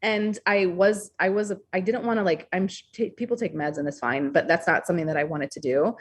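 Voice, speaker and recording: A young adult woman talking candidly as a podcast guest, expressive and blunt, swearing freely. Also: lowish voice, brisk, husky. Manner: frank, expressive, swears freely, acts out quoted thoughts. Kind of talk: candid interview conversation.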